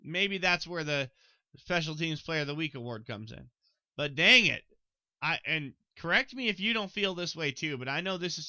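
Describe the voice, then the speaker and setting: A young man hosting a casual solo sports podcast, excitable, talking straight to his listeners and swearing freely. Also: a little high, clear, resonant tone, dry recording, rough recording. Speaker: podcast host.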